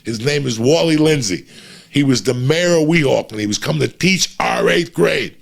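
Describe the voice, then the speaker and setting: A man telling a profane, animated story and acting out the voices of the people in it. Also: mid-range voice, moderate pace, gravelly. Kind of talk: casual storytelling.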